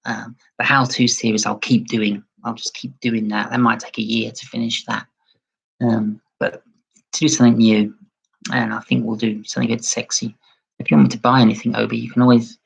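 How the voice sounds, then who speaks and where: A man hosts a casual livestream and answers viewer comments in a chatty, self-deprecating way. His voice has a gravelly fry and a husky edge, and he nudges his pitch up toward a feminine tone. The audio is a little dull and muffled. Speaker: livestream host.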